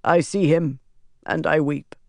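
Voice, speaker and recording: A narrator voicing a grave man who intones a prophecy in a raised, measured voice. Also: medium pitch, fairly even intonation, creaky, dry recording, studio quality. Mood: solemn.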